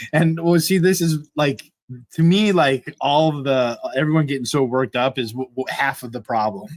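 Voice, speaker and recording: A man with a mid-pitched voice hosts a casual livestream chat. He is easygoing and keeps breaking into giggles, and his sound is dry and close to the mic. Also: takes it slowly, pauses often, dry recording. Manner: giggly, easygoing, keeps laughing between words. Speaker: host.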